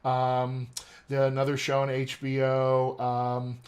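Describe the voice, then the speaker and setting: A man working as an accent coach, talking in a casual interview in animated, quick bursts. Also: medium pitch.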